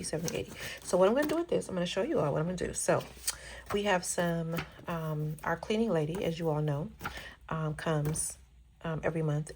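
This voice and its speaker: A woman's voice: sits low, background noise. A woman, chatting casually as she counts cash into envelopes in a budgeting vlog and talking straight to her viewers. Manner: chatty, counts bills aloud, addresses viewers as y'all. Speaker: budgeting vlogger.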